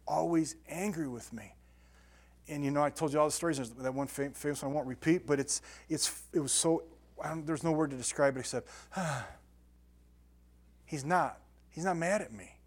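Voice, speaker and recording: A man preaching to a congregation, talking casually with restarts and then reading scripture with rising emphasis. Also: on the high side. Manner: conversational, repeats words and restarts, builds to emphatic scripture reading. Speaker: pastor. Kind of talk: sermon.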